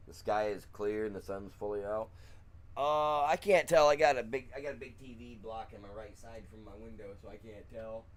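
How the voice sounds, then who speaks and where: A man with a lowish voice talks loosely into a desk mic while he streams from his room. He rambles, loses his thread, restarts and chuckles between thoughts. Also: moderate pace. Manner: chatty, trails off and restarts, chuckles. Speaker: gaming streamer. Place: room at home with blacked-out windows.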